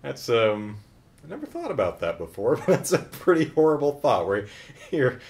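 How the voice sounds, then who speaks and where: A man's voice: medium pitch, sing-song, normal speed, darkish tone. Sarcastic man recapping a film. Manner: sarcastic, joking retelling. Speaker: film reviewer.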